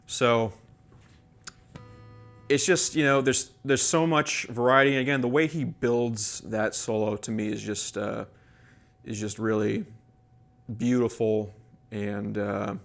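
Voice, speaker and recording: A man's voice: mid-range voice, steady tone, takes it slowly, creaky, long pauses, fairly bright tone. A man walking through a guitar solo in a casual lesson, rambling with many fillers and restarts, a bit out of breath. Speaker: guitar teacher.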